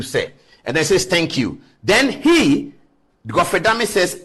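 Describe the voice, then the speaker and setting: A man's voice: high-pitched, huge pitch swings, a little slow, a bit bright. A man with a Ghanaian accent, hosting an evening television show and giving emphatic commentary while reading out messages. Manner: emphatic, rising into exclamations. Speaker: news show host. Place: television studio.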